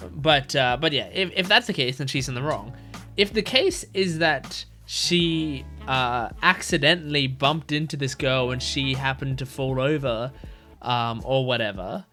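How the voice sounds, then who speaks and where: A man's voice: mid-range voice, pushed and bright. A young man hosting an anime reaction video, thinking aloud in casual commentary with frequent fillers and restarts.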